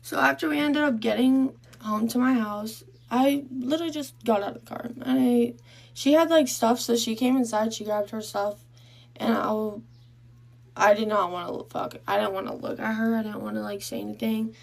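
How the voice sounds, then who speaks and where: A woman's voice: on the high side, moderate pace, creaky. A young woman casually telling a story about her first relationship, frank and swearing, often trailing off and restarting.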